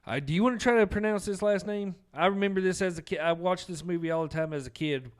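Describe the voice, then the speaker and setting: A man co-hosting a podcast, chatting casually about movies in a relaxed, rambling way with plenty of fillers. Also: sits high, fast talker. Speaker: podcast co-host. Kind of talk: casual chat.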